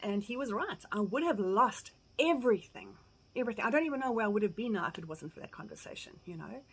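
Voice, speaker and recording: A middle-aged South African woman giving candid, blunt advice, acting out quoted conversations with lively energy and casual swearing. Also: medium pitch, fast, husky, rough recording. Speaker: farm vlogger. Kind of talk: candid personal advice talk.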